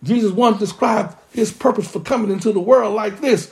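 A pastor preaching a sermon with impassioned, drawn-out emphasis. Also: mid-range voice, gravelly, a little mellow.

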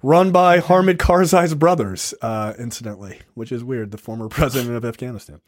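A man's voice: medium pitch, a little fast, no echo, studio quality. A man co-hosting a podcast in casual chat, talking in a laid-back, rambling way with lots of swearing and fillers. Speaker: podcast co-host.

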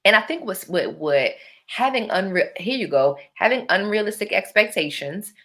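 A woman's voice: mid-range voice, lively intonation, moderate pace, fairly bright tone. A woman, talking through her year in a casual monologue, full of playful put-on voices and asides to her listeners.

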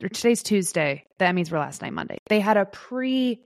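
A woman's voice: medium pitch, lively intonation, brisk, vocal fry, no echo, studio quality. Chatty woman podcast co-host. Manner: playful, mock acceptance speech. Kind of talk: casual chat.

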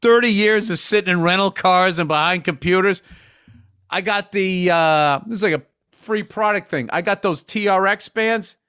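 A man's voice: high voice, normal speed, clear, resonant tone, no room sound, clean studio sound. A middle-aged man co-hosting a podcast, telling stories in crude, profane casual banter. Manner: profane, animated storyteller. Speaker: podcast co-host.

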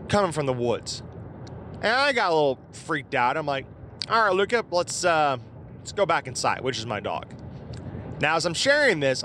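A man's voice: medium pitch, sharp tone, slight background noise. A man from southeast Iowa casually telling a personal encounter story in a rambling, informal way, with fillers and the odd curse word. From southeast Iowa, USA.

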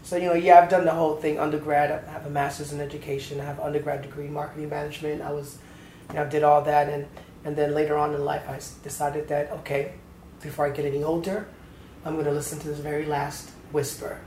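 Animated storytelling man in his fifties. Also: fairly high pitch, fast. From Atlanta, Georgia, USA. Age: 50s. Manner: animated storyteller, acts out voices in anecdotes. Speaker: guest, choreographer. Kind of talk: storytelling interview. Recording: roomy echo with faint background noise.

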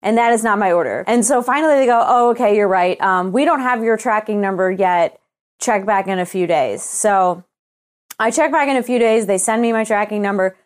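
A woman's voice: mid-range voice, normal speed. A young woman co-hosting a podcast, telling a story as a casual rant, swearing freely and acting out both sides of her email exchanges. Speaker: podcast co-host.

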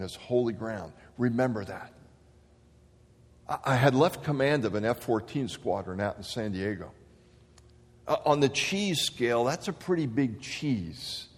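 A man's voice: medium pitch, breathy edge. Man preaching in a reverberant hall. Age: 50s. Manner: animated storyteller acting out quotes. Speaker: speaker. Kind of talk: sermon storytelling.

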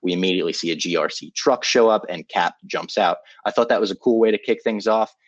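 A man's voice: deep voice, fast talker, dry recording, muffled recording. A man co-hosting a casual podcast, reading an ad and then retelling a show loosely, with swearing. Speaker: podcast co-host. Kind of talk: casual podcast chat with ad read.

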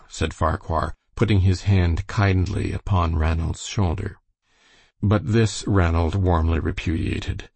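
A man narrating a novel as an audiobook reader, in a steady storytelling manner. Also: deep voice, a little slow, breathy edge, no echo. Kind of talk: reading a novel aloud.

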